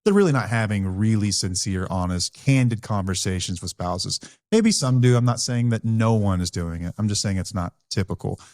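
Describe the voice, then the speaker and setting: A man's voice: lowish voice, moderate pace, hardly any pauses, a little mellow, no room sound, studio quality. A man co-hosting a podcast, speaking in a candid, blunt and earnest way about recovery from his own experience. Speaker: podcast co-host. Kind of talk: candid conversational podcast talk.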